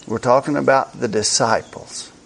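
A man preaching a sermon slowly and emphatically, repeating key words for effect. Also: mid-range voice, creaky, a bit bright.

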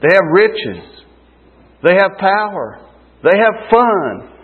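A man delivers a sermon in a husky, slightly raised voice, taking his time with long dramatic pauses. The sound is thin and tinny, like a phone line. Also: high-pitched, sing-song. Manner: slow, emphatic preaching with dramatic pauses. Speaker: street preacher.

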